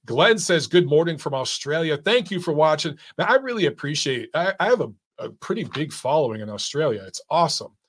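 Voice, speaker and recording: A middle-aged man hosting a casual boxing live stream, reading chat comments in a loose, chatty way with lots of fillers and restarts. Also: mid-range voice.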